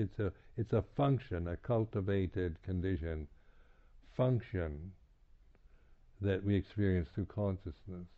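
Captured on a tinny, phone-quality recording, a man pitched fairly low gives a reflective dharma talk as a meditation teacher on retreat. He often breaks off to restart, repeats words, and offers soft chuckles between points.

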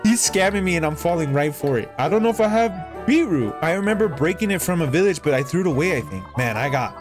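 Young guy gaming on stream, jokey and worked up, music from the game playing loud. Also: fairly high pitch. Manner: excitable, exasperated, jokey. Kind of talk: gaming commentary.

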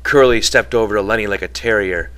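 Bright-voiced male audiobook narrator. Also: on the low side, brisk. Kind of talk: novel reading.

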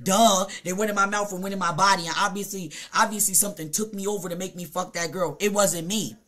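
A woman live streamer telling a blunt, profane story to her chat at home, her voice swinging between hushed and loud. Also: mid-range voice, fairly even intonation, fast. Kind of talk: casual confessional storytelling to chat.

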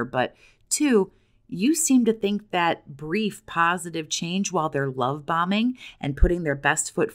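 A blunt woman with a somewhat low voice talks straight to her viewers as a survivor coach. She swears freely and keeps pressing them with pointed, challenging questions. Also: fairly bright tone. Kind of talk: direct-to-camera monologue.

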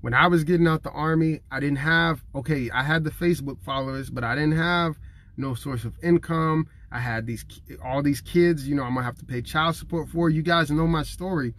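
A man's voice: fairly high pitch, a little fast, fairly bright tone. A man in his thirties preaching to camera in an earnest, conversational way, emotional and near tears. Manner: earnest and conversational, acting out what others say; emotional, fighting back tears.

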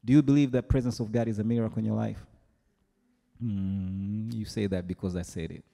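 A man preaching a sermon as pastor, animated and playful, often mimicking his congregation. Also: on the low side, brisk, vocal fry. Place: large church hall. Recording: long hall reverb.

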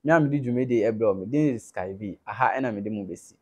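A Ghanaian man presenting a gossip channel, summing up a story and asking viewers to share and subscribe in a plain, steady way. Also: fairly low pitch, quick pace, muffled recording, very noisy. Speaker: video presenter. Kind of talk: channel recap and sign-off.

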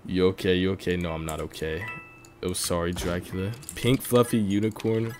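A young man of about eighteen streaming a game live, chatting with viewers and swinging from low mumbles to loud outbursts. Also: fairly even intonation, moderate pace, over music. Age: young adult, about 18.

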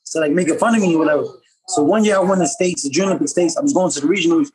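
A man from upstate New York, a professional boxer, telling stories as a podcast guest in a casual, slangy, animated way. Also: fairly high pitch, crowd noise, rough recording. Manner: fast, slangy, animated storytelling. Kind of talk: casual storytelling.

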